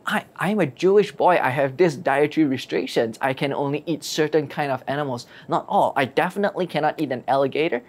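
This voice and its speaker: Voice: mid-range voice, a little fast, hardly any pauses, close to an everyday voice. A storyteller voicing a confused, devout Jewish man who protests and asks questions. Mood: protesting.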